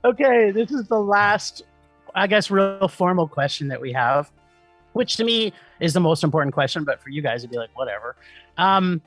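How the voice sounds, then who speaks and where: A man's voice: high-pitched, lively intonation, moderate pace, a bit bright, dry recording, faint music behind. A man hosting a podcast, chatting in a casual, joking and eager way with his guests. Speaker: podcast host. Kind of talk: casual interview chat.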